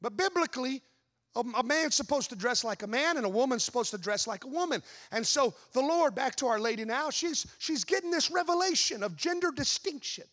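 A man's voice: very high-pitched, a little fast. A man preaching a sermon as pastor, telling a story with rhetorical questions to the congregation. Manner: animated storytelling with voiced asides.

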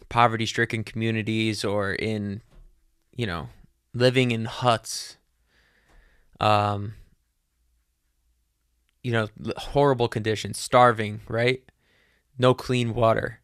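A man's voice: on the low side, flat delivery, takes it slowly, long pauses, a bit bright, clear, resonant tone, no room sound, clean studio sound. A young adult man hosting a podcast, musing in a casual solo monologue that rambles with many fillers and casual swearing. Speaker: podcast host.

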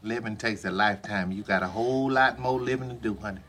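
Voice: medium pitch, steady tone, fast talker, fairly bright tone, a little hiss or hum, lightly acted. A performer playing a kindly, motherly older woman in a film scene, comforting someone and calling them honey. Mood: soothing. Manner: soothing, coaxing, calls people honey and baby.

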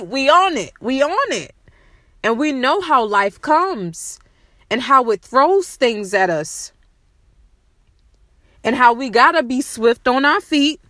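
At night outdoors, a woman hosting her own podcast speaks heartfelt affirmations, slow, repetitive and soothing, and she sometimes comes close to tears. Her voice sits high with a fairly bright tone, and the recording is dry.

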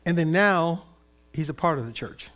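A man preaching a sermon in an animated, conversational way with playful asides. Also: on the high side, normal speed. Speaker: pastor.

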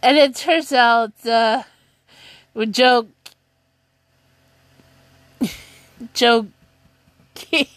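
Woman vlogger rambling on about last night's episode, giggly, kinda high voice, slow and dry. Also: dry recording. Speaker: TV show recap vlogger. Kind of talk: casual chat recapping a TV episode.

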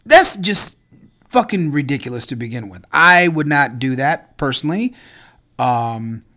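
A man's voice: medium pitch, animated, a little slow, sharp tone. Profane, incredulous male podcast host. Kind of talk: casual chat.

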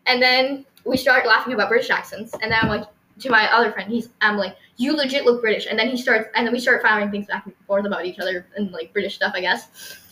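A woman's voice: mid-range voice, fast talker, bright, forceful tone, reverberant, slight background noise, poor audio. A teenage girl hosting a podcast, telling stories in a giggly, rambling way with lots of fillers. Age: teens. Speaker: podcast host. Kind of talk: casual storytelling chat.

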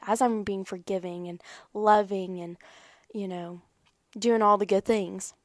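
A woman's voice: mid-range voice, no echo, clean studio sound. A young woman giving an earnest, rambling personal talk about faith and prayer. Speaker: faith vlogger.

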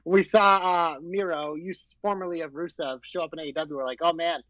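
A man's voice: on the high side, a little fast, a bit bright, no room sound, poor audio. A man co-hosting a wrestling podcast, chatting casually, teasing and swearing now and then. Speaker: podcast co-host.

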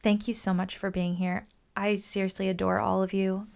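Upbeat woman podcaster with vocal fry. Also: mid-range voice, level tone, moderate pace, darkish tone. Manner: gushing and upbeat, with many fillers like "like" and "oh my gosh". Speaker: podcast host. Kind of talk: casual solo podcast monologue.

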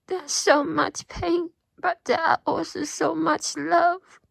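A woman's voice: very high voice, level tone, slow pace, gravelly, few pauses, no room sound, poor audio. A woman giving an emotional religious testimony and prayer, tearful and pleading, often dropping to a whisper. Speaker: Christian believer giving testimony.

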